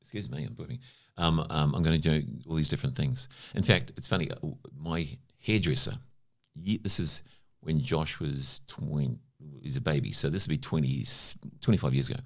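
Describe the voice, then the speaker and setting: A podcast guest from New Zealand, a man in his fifties, speaks in a rumbling low voice with vocal fry, at a moderate pace and with few pauses. He spins casual anecdotes peppered with "you know" fillers.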